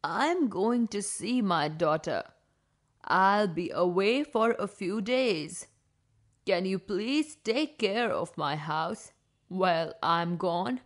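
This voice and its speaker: A woman voicing a timid but clever old woman who pleads softly. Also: mid-range voice, lively intonation, slow pace, pitched below the performer's own voice. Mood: calm.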